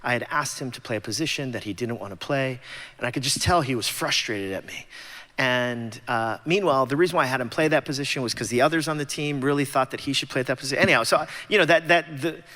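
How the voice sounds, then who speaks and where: A man's voice: medium pitch, fast talker, sharp tone. A man in his forties from Los Angeles giving a personal testimony talk at a church gathering, conversational and self-deprecating. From Los Angeles, USA. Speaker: guest speaker at church gathering. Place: large church sanctuary. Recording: long church-hall reverb.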